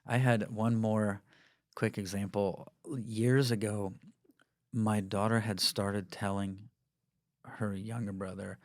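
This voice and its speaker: Male podcast co-host, lowish pitch, dry close sound, earnest storyteller. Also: level tone, slow, no room sound. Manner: earnest storyteller, acts out quotes softly. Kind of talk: casual parenting podcast chat.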